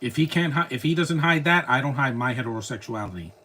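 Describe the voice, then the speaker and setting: A man's voice: medium pitch, lively intonation, fast, bright, forceful tone. A man live streaming, chatting casually through a movie reaction, rambling and laughing at his own jokes.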